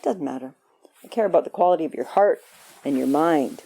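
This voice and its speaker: A woman's voice: low voice, expressive, a little fast, creaky, mellow, breathy edge. A woman meditation teacher giving a conversational, playful dharma talk at a retreat, acting out quoted voices. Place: retreat hall.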